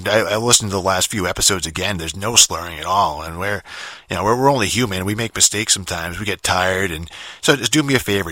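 Low, bright-toned, mumbly Boston man. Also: no room sound. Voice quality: mumbly, slightly slurred. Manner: profane, rambling, repeats words and restarts. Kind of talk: rambling casual storytelling.

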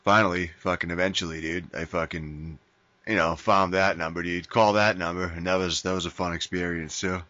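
A man with a very low, bright-edged voice tells a rambling story in casual podcast chat, swearing constantly and saying dude over and over. The sound is dry and a bit dull and lo-fi. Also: fairly even intonation, moderate pace, no echo. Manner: profane rambling storytelling, says dude a lot.

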